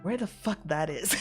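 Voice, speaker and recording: Laughing Virgin Islands woman streamer. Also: mid-range voice. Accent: Virgin Islands Caribbean. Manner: rambling, laughs often, swears freely. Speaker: VTuber streamer. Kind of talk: casual stream chat.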